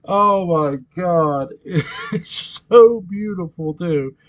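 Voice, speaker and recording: Speaking very slowly in a high-pitched voice, a fan commentator rambles through a TV episode recap in casual conversation. He laughs and giggles frequently and corrects himself along the way.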